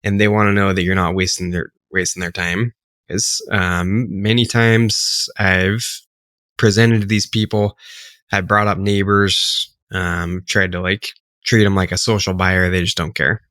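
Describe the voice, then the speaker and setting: Low-voiced man coaching sales, dry sound. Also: measured pace, no room sound. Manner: relaxed, filler-heavy, explains step by step. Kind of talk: casual coaching commentary.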